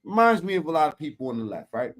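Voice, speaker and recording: A man's voice: a little high, big pitch swings, fast talker, a bit bright. A man giving blunt, profane, rambling commentary as he reacts to video clips. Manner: blunt, heavy swearing, rambling street talk.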